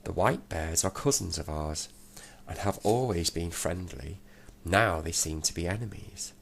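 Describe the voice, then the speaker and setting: A man's voice: sits low, unhurried, creaky, slight background noise. A man voicing a big, stern father bear in a storybook, with a growly voice. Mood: mournful.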